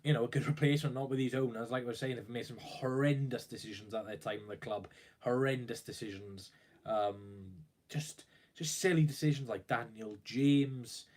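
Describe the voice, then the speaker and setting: A man's voice: medium pitch, moderate pace, a little mellow. A young man talking on his own live stream about his football club, rambling and worried, with plenty of fillers and restarts. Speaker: football fan livestreamer. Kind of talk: casual live-stream commentary.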